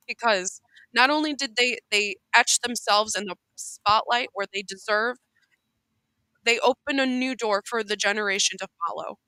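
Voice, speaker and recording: A woman's voice: fairly high pitch, normal speed, bright, forceful tone, clean tone, dry recording, poor audio. A woman co-hosting a casual podcast chat, heartfelt and emphatic, often restarting her sentences. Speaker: co-host.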